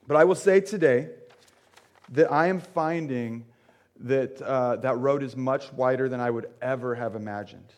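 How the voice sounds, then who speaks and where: A man's voice: mid-range voice, unhurried, a little mellow. A young man giving a conversational sermon as a pastor, joking with the congregation and using lots of fillers. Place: church sanctuary.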